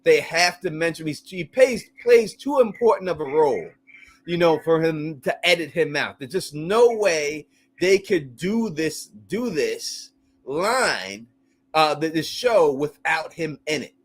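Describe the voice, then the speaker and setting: Male host for a live call-in show, high voice that jumps around a lot, crude and laughing; loose, animated delivery. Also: a little slow. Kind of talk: casual call-in chat.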